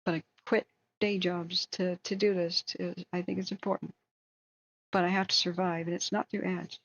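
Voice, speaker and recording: A woman's voice: fairly low pitch, flat delivery, normal speed. An American woman hosting a long wildfire-tracking livestream, chatting casually, rambling and opinionated, reading viewer comments aloud. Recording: dull lo-fi stream audio.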